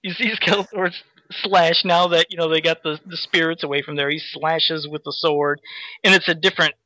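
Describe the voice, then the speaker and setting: Podcast host, male, somewhat high and bright, loose rambling delivery full of fillers, dry dull lo-fi recording. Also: fairly even intonation, brisk, no room sound. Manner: rambling, many fillers, reads comic captions aloud. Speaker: podcast host recapping a comic. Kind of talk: casual chat. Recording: dull lo-fi sound.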